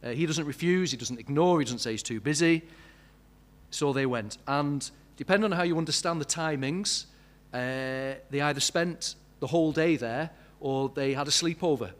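A man's voice: fairly high pitch, normal speed. Questioning male preacher. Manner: conversational, asks many questions, builds to emphatic peaks. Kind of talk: sermon.

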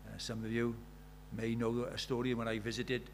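A man preaching a sermon, animated and rhetorical, asking the congregation questions and acting out the voices he quotes. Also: mid-range voice, moderate pace, a little hiss or hum.

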